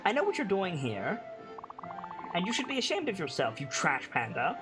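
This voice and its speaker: Girl doing a stern friend telling a cheat off, lively voice, music under it. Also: lowish voice, normal speed. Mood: scolding. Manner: scolding, firm. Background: game music.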